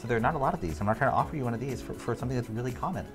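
Very low-voiced fast-talking woman. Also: over music. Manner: chatty, explains the rules, offers trades. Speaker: board game player. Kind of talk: casual game-night chat on a livestream.

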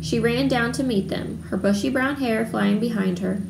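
A woman reading a children's novel aloud in a steady storytelling manner. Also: a little high, moderate pace, vocal fry, hardly any pauses. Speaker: readalong reader. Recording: roomy room, faint background noise.

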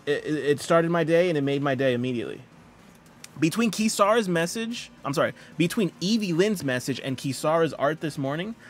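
A male game streamer talks casually through a live session, greeting viewers by name and reading chat aloud. His voice sits a touch higher than typical for a man, and he keeps up easy, friendly chatter.

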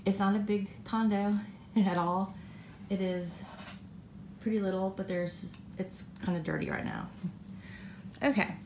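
A woman's voice: mid-range voice, very animated, unhurried, long pauses, darkish tone, slight background noise. A woman chatting casually about her cross-stitch, rambling with fillers and correcting herself. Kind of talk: casual show-and-tell chat. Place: condo balcony by the beach.

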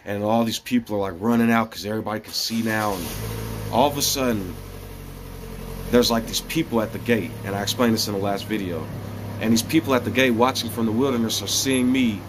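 Rambling earnest man, low voice. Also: a little fast, noisy background. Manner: rambling and earnest, with many fillers and restarts. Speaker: vlogger. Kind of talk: casual spiritual monologue.

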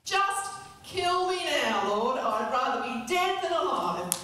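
A woman's voice: high-pitched, sing-song, takes it slowly, pushed and bright, a little hiss or hum, exaggerated voice. Woman voicing an angry old-time prophet, echoing. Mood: bitter. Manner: indignant, pleading outbursts. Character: angry, bitter male biblical prophet. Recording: echoey hall, distant mic.

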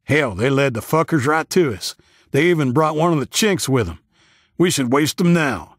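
Man voicing a hostile bearded hillbilly, crude, belligerent, husky voice, dry sound. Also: on the high side, expressive, normal speed, no echo, pitched above the performer's own voice. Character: fat bearded male hillbilly, hostile loudmouth.

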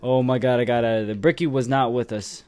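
A young man giving casual, excitable commentary over a shooter game, cursing freely and tagging "man" onto his lines. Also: mid-range voice, fast talker. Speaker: gameplay commentator.

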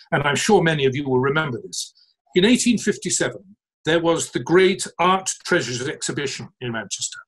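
A man's voice: a little high, breathy edge, rough recording. A man, the conductor of an orchestra, giving a storytelling talk to an audience and addressing the listeners directly.

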